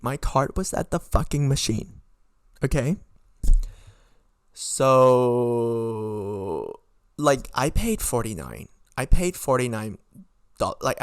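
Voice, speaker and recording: A young man, a student, telling a storytime rant to his own camera, swearing a lot and rambling with fillers in a frustrated, animated way. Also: medium pitch, no room sound, clean studio sound. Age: young adult. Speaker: podcast host. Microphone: own camera recording.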